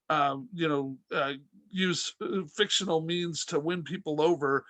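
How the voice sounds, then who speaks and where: A man's voice: fairly high pitch, a little slow, fairly bright tone, no echo. A middle-aged man hosting a podcast, telling rambling comic anecdotes with restarts and acted-out quotes. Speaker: podcast host and stand-up comic. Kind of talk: casual comic storytelling.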